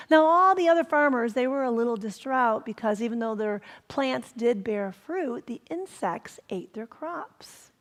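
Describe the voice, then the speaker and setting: A woman reverend giving a sermon, telling stories gently and sometimes dropping to a whisper for emphasis. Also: a little high, animated, measured pace, few pauses, in a large hall. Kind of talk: sermon storytelling. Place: spiritual center hall.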